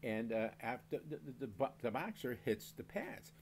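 A man's voice: mid-range voice, sing-song, normal speed, gravelly. Older guy rambling on his beer show, mild cussing, chuckles a lot, faint hum behind. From Maine. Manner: rambling storyteller, swears mildly, laughs often. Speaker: beer review host. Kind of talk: casual rambling monologue.

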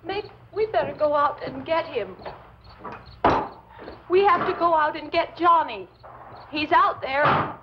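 An actress playing a young woman in shock over her lost brother, recalling the attack in a halting way and breaking into sobbing pleas, in 1960s horror film acting. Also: sits high. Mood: hysterical. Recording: dull, hissy old film soundtrack.

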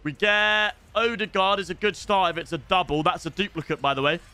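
A young British man giving excitable live commentary over a football video game, chatting with viewers and shouting at goals. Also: sits high, a little fast, clean tone. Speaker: gaming streamer.

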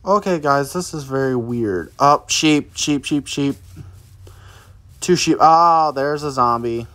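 A man's voice: mid-range voice, slow, fairly bright tone. A man giving live commentary as he plays a survival game, chatting to viewers and reacting aloud as things happen. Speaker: let's play gamer.

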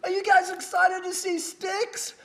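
A man voicing a loud, pumped-up male rock radio DJ in a comic story, shouting high. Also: monotone, a little slow, heavily acted. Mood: hyped.

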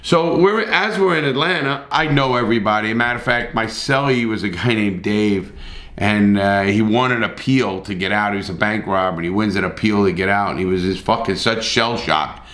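Man, middle-aged, blunt and profane, casual storytelling, low-ish pitch, roomy echo. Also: moderate pace, fairly bright tone.

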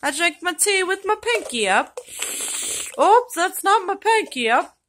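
A woman's voice: very high-pitched, sing-song, unhurried, fairly bright tone, slight background noise. A woman filming a home video, putting on a playful, mock-proper posh English accent.

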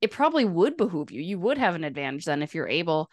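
A woman's voice: lowish voice, big pitch swings, fast, dry recording, studio quality. A woman, co-hosting a casual hockey podcast and talking things through with lots of fillers. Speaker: podcast co-host.

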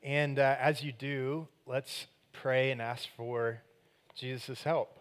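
A male pastor giving a sermon in a casual, jokey and animated way, shifting into prayer. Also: medium pitch, slow pace. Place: church sanctuary.

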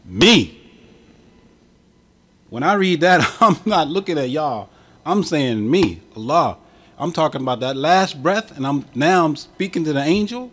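A man's voice: on the high side, sing-song, unhurried, long pauses, fairly bright tone. A man preaching a sermon as imam, with an impassioned cadence that swells and drops. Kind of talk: Friday sermon.

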